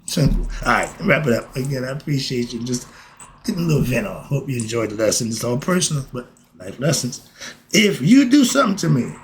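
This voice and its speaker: A man's voice: on the high side, slight background noise. Blunt New man preaching life lessons. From New York. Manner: preachy, blunt, street slang, chuckles often. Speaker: vlogger giving life lessons. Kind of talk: casual motivational monologue.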